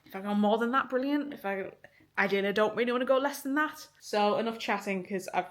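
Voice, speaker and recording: A woman's voice: medium pitch, fast. A young woman with a faint Northern English accent, chatting casually through her day in a home vlog, swearing freely and laughing often. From Liverpool, England. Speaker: vlogger. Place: home kitchen and flat, indoors. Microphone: handheld phone or camera.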